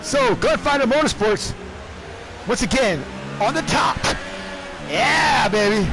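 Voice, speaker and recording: A man commentating a sim race live, animated and shouting in bursts, often repeating words quickly. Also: very high voice, creaky, noisy background. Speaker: race commentator and league team owner.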